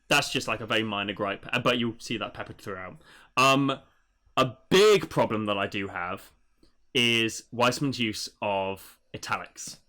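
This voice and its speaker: A man doing a casual livestream book review, rambling with many fillers and quick laughs. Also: medium pitch, bright, forceful tone.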